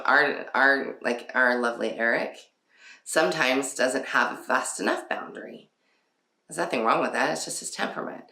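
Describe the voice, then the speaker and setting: A woman's voice: a bass voice, fairly bright tone. A woman hosting a casual parenting talk, chatty, with frequent laughs and many fillers. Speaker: podcast host. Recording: roomy echo.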